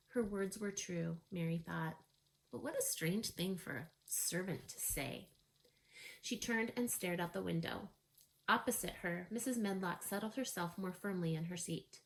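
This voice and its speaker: A woman reading a children's novel aloud in a calm, even storytelling manner. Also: on the low side, rough recording.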